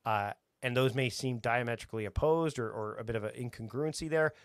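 A man talking as a podcast guest, energetic and rambling, often restarting his sentences. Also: mid-range voice, a little fast, clean tone, no room sound, studio quality. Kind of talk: casual conversation.

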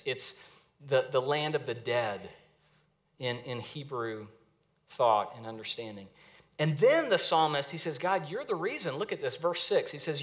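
A man's voice: medium pitch, fairly bright tone. A man preaching a sermon as pastor, earnest and dramatic when reading scripture, with frequent restarts.

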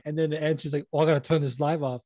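A young man co-hosting a casual chat, telling stories in an animated way and acting out what others said. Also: on the high side, very fast, no room sound. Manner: animated storytelling, acts out quotes. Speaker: podcast co-host.

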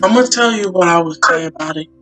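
A woman's voice: lowish voice, fast talker, fairly bright tone, faint music behind, rough recording. A woman hosting a faith talk session, speaking fervently and emphatically in a preaching style, repeating her points.

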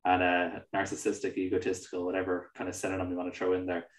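A man's voice: low-pitched, completely flat delivery, fast, reverberant, poor audio. A man co-hosting a film podcast, talking casually and animatedly, swearing and acting out mocking quotes. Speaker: podcast co-host.

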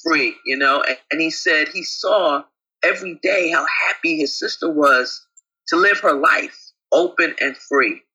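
A man co-hosting a casual talk show, chatty and affectionate, with a husky voice. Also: a little high, a little slow, sharp tone, poor audio. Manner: chatty, calls co-host babe. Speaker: co-host. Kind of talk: casual chat.

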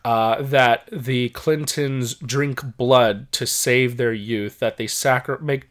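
A man in casual conversation, talking in long, rambling runs. His pitch sits in the middle range, and he keeps restarting and circling back. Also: steady tone, slow. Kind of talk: casual chat.

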